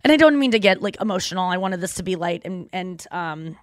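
A woman's voice: on the low side, lively intonation, fairly quick, no echo. Give me a tearful young woman podcast host rambling and apologizing, dry studio sound. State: crying. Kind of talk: emotional personal monologue. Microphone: studio microphone.

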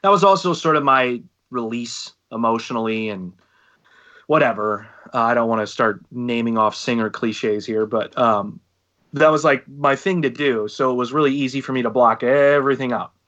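A man's voice: mid-range voice, moderate pace, highs cut off. A man in his thirties co-hosting a casual podcast, telling stories and acting out other people's lines. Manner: animated storyteller acting out quotes. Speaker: podcast co-host and band singer.

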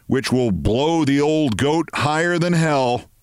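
A man voicing a meek, neat middle-aged male clerk who speaks quietly and deadpan. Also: a little high, takes it slowly, clean tone, dry recording, clean studio sound, voice pushed up.

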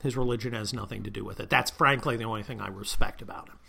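A man's voice: fairly low pitch, fast, creaky, pushed and bright, husky. A man hosting a political talk monologue, combative and sarcastic, heaping insults on his targets. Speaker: political commentary host.

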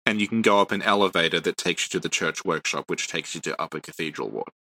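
A man's voice: sits low, quick pace, pushed and bright. A man co-hosting a podcast, explaining game lore patiently in casual chat and laughing often. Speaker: podcast co-host.

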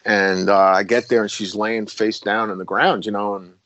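A man's voice: fairly low pitch, flat delivery, moderate pace, fairly bright tone, no room sound, low-quality recording. A middle-aged man, a former police officer, telling stories as a guest in a casual conversation. He rambles, restarts his sentences and corrects himself as he goes.

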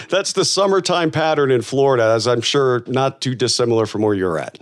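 A man's voice: mid-range voice, lively intonation, normal speed. A middle-aged man from the United States co-hosting a podcast in casual chat, talking in a loose, friendly way with many fillers and restarts. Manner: chatty, laughs at own jokes, many fillers and restarts. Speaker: podcast co-host.

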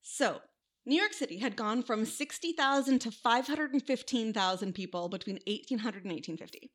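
A woman's voice: a little high, moderate pace. A woman from the American Midwest co-hosting a podcast, telling history in a chatty way with wry asides. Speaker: podcast co-host. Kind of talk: casual history podcast chat.

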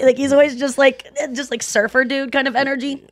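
A woman's voice: sits high, a little fast, hardly any pauses, no room sound, studio quality. A woman co-hosting a podcast, ranting with animation and acting out the people she quotes. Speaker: podcast co-host. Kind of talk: casual chat.

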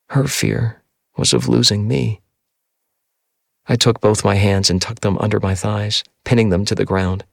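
A man reading a first-person novel aloud in a measured, somber audiobook narration. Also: low voice, creaky, no room sound, studio quality.

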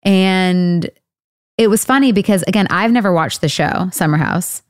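A woman in her thirties hosts a podcast, talking in a loose, rambling way and laughing easily. Her voice sits a little low. The recording is dry and close-miked. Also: normal speed, no room sound. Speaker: podcast host. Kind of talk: casual chat and ad read.

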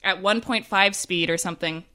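Bright, animated storytelling woman. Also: medium pitch, normal speed. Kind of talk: casual chat.

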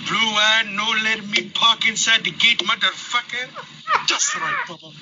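A man's voice: high-pitched, wildly swooping pitch, muffled recording, noisy background, exaggerated voice. A man putting on the voice of a hotheaded male trucker who curses and hurls menacing taunts. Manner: cursing, menacing, drawn-out taunts. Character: furious hotheaded male trucker yelling threats.

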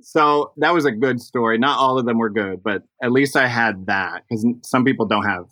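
A man who performs in drag, telling stories in a casual interview, animated and full of fillers. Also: mid-range voice, moderate pace, no room sound. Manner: animated storytelling, chatty with fillers.

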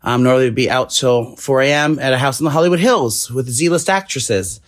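A man in his thirties rattles off a gossipy story at a quick clip. He co-hosts a casual podcast and keeps slipping into other people's voices as he tells it. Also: mid-range voice. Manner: rapid gossipy storytelling, acts out quotes. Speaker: podcast co-host.

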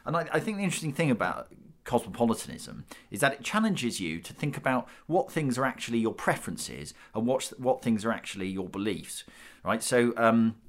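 Speaking as a guest in a panel discussion, a middle-aged man from Britain works through his thoughts out loud, thoughtful and frequently restarting. He has a brisk, sing-song delivery at medium pitch.

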